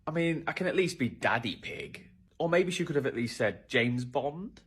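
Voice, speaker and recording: A man's voice: medium pitch, big pitch swings, normal speed, fairly bright tone, slightly rough. A British man telling a funny, self-mocking story to camera with dry comic delivery. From Britain. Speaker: vlogger.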